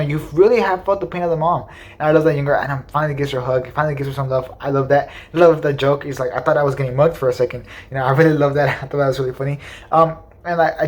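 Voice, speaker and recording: Fast-talking rambling male movie reviewer. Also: a little high. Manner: rambling, enthusiastic, heavy filler words. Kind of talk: casual spoiler review.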